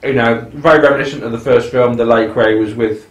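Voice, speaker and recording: A man's voice: medium pitch, fairly even intonation, fast. A man co-hosting a casual, sarcastic film commentary podcast. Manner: chatty, sarcastic, doing mock film voices. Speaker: podcast co-host. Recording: echoey room.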